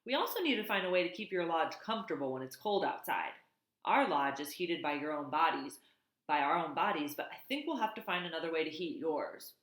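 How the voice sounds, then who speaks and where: A woman's voice: low voice, animated, fairly quick, fairly bright tone, echoey room. A woman voicing a chatty, helpful male beaver who builds lodges, eager and bossy as he gives advice.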